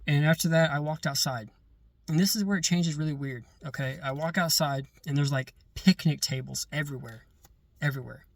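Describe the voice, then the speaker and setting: A man casually telling a long story about a dream, halting and repeating words as he gets caught up in it. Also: a little high, no echo. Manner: halting, repeats words and restarts when excited. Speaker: vlogger recounting dreams.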